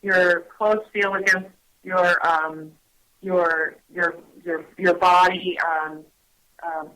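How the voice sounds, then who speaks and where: A woman guest on a radio talk show who explains things gently and hesitantly, with many pauses and restarts. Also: lowish voice, steady tone, poor audio. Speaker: guest on mindfulness. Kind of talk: casual radio chat.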